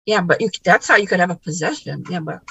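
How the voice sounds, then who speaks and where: Gravelly woman telling a ghost story. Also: fairly low pitch, quick pace, fairly bright tone, slight background noise, low-quality recording. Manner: repeats words, acts out quoted dialogue. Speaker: podcast guest. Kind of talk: storytelling in conversation.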